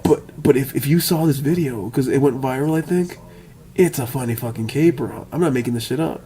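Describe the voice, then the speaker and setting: A man's voice: mid-range voice, a little fast, mellow. A man telling a rambling, profane story, stammering and repeating words as he goes and often laughing. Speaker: vlogger. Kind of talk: rambling monologue.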